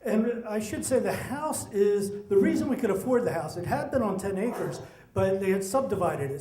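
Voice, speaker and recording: A middle-aged man telling a personal story, animated and acting out the voices of the people in it. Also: high-pitched. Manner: animated, acts out quoted voices. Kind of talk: personal story told to an audience. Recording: echoey room.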